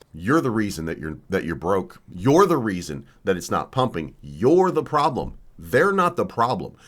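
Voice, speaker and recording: Low-voiced man ranting crypto commentary. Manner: combative, lecturing, repetitive. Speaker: crypto channel host.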